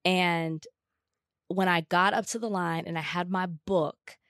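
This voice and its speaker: A woman's voice: lowish voice, steady tone, a little slow, a bit bright, dry recording, clean studio sound. A woman co-hosting a casual talk show, telling a personal story in an earnest, emphatic way. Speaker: co-host. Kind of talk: casual chat.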